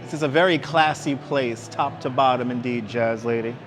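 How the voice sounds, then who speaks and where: A man's voice: medium pitch, normal speed, over music. A man with a New York accent hosting a casual live-streamed walking tour, chatting with viewers and reading out signs. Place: outdoor city walkway at evening. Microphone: wireless clip-on mic.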